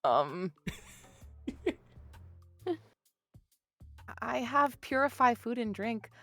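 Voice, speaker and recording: A woman playing a tabletop game reacts with excitable jokes. Her voice is bright and lively, and she speaks slowly. The room is dry, with faint music behind her. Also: on the high side, no echo. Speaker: player.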